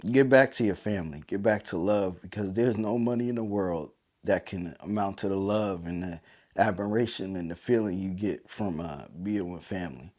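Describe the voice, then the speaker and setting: A man's voice: on the low side, a little mellow. A man hosting a solo podcast, teary and emotional, building his points through preacher-like repetition. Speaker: podcast host. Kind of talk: heartfelt solo podcast monologue.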